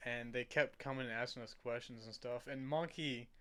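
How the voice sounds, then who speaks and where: A man's voice: mid-range voice, normal speed. A man hosting a podcast, telling a gaming story in casual chat and often laughing through it. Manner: animated, laughing through his own story. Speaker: podcast host.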